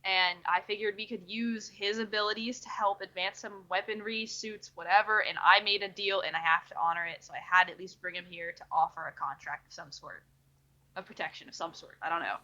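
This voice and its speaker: A woman's voice: mid-range voice, steady tone, a little fast, sharp tone. A woman playing her character in a tabletop game, talking earnestly and a little ramblingly as she makes her case. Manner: earnest, pleading, slightly rambling. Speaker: player. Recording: dull lo-fi mic.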